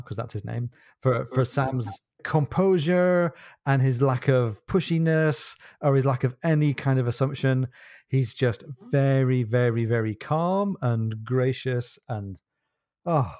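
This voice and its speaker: A man's voice: mid-range voice, a little slow, a little mellow, dry recording, studio quality. Enthusiastic man retelling a novel. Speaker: podcast host. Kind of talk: casual book discussion.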